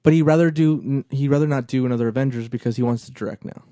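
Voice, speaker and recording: A man's voice: medium pitch, racing, dark tone, no echo, studio quality. A man hosting a podcast, talking hesitantly with many fillers. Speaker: podcast host. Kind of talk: casual chat. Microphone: close studio mic with headphones.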